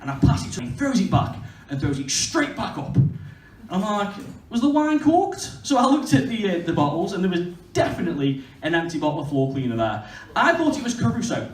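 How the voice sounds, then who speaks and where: Lively high-voiced comedian. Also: male voice, brisk. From Stoke-on-Trent, England. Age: 20s. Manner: crude, self-mocking storytelling. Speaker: stand-up comedian. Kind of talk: stand-up comedy set. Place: comedy venue stage. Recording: echoey venue heard from far off.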